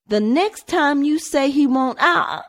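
A woman's voice: mid-range voice, sing-song, slow, voice pushed up. Woman doing a brash young boy. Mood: grumpy. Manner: brash, blustery, then awkwardly gentle. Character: boy near his teens, teasing but soft-hearted brother. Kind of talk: audiobook character voice.

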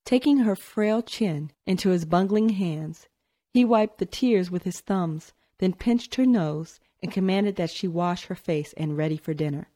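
A woman narrating a novel in a measured storytelling manner. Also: fairly low pitch, mellow. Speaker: audiobook narrator. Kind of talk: scripted narration.

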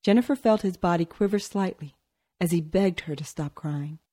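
Low-voiced woman reading a story. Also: moderate pace, dark tone. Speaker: audiobook narrator. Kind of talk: scripted narration.

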